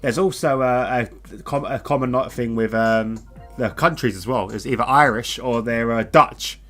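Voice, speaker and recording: Relaxed joking male race commentator. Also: mid-range voice, moderate pace, faint music behind. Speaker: co-commentator of a sim racing league. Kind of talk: casual live race commentary.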